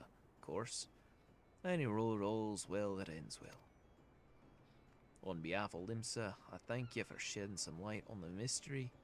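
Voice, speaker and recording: A man voicing a gruff, brash male guild tavern boss who speaks in rough working-class slang, read aloud while playing a game. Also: on the low side.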